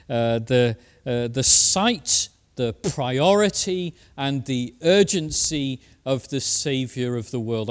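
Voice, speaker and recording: Man preaching in a reverberant church. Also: mid-range voice. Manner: conversational preaching with rhetorical tag questions; frequent filler "uh" and restarts. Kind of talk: sermon. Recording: long hall reverb.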